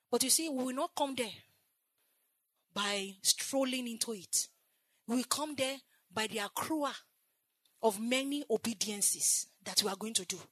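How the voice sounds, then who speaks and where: A woman preaches a fervent sermon in a high, bright voice. She swings between loud, repeated calls to the congregation and quiet, almost tearful passages. The sound is dry and close. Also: slightly rough, no echo. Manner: swings from loud shouting exhortation to soft, tearful confession.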